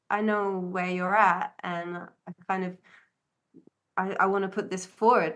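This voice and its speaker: A woman's voice: mid-range voice, a bit bright. A woman co-hosting a podcast, telling a personal story in an earnest, searching way that often stops and restarts. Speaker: podcast co-host. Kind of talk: reflective conversational storytelling.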